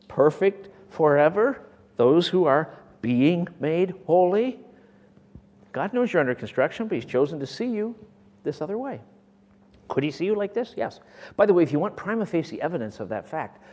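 Impassioned male preacher in a reverberant hall. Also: a little high. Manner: impassioned, swings from loud bursts to near whispers. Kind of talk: sermon.

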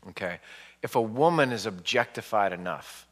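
A man in his forties, appearing as an author before a live audience, tells spirited stories at normal speed in a voice on the low side. The room sounds big, and he acts out how people reacted.

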